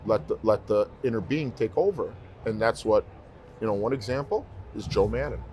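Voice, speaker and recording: A man's voice: fairly low pitch, moderate pace, a little mellow, slight background noise. A man, a guest in an interview, telling heartfelt stories in casual conversation and repeating phrases for emphasis. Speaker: interview guest, professional singer.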